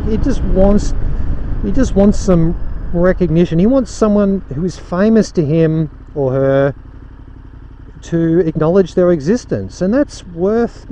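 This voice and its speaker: A young man vlogging from his motorbike, rambling wryly and stopping himself mid-sentence as he acts out imagined conversations. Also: high-pitched. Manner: rambling, wry, self-interrupting, acts out imagined dialogue. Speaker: motovlogger. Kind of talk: casual ranting monologue while riding. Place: on a motorbike in city traffic. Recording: wind and traffic noise outdoors.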